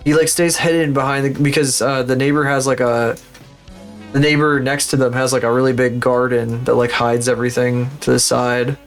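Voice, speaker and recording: A man's voice: mid-range voice, flat delivery, moderate pace, faint music behind. A man chatting casually on a livestream, rambling, swearing freely and laughing at his own stories.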